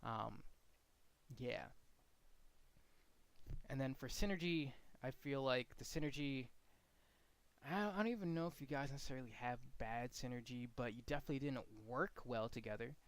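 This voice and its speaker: A man's voice: medium pitch, moderate pace, long pauses, dry recording. A man giving frank, casual feedback to two commentators as their coach, walking them through examples. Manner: frank, blunt, demonstrates commentary inflection.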